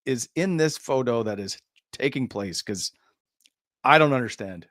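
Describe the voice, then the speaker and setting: A man's voice: medium pitch, animated, measured pace, a bit bright, dry recording. Guy hosting a hockey show, jokey, trips over words, dry close sound. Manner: jokey, stumbling, lots of restarts. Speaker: host. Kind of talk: casual interview hosting.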